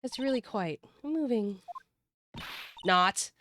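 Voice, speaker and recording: A woman's voice: a little high, lively intonation, slow, background noise, pitched above the performer's own voice. A woman voicing a sly young female witness whose sweet facade has dropped, taunting and mocking.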